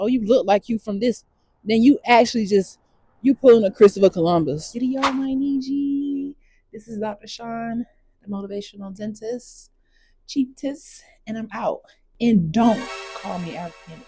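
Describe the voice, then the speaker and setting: A woman's voice: mid-range voice, mellow, husky, no echo. A woman vlogger talking straight to camera in a blunt, emphatic rant, repeating her points. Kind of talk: casual direct-to-camera rant.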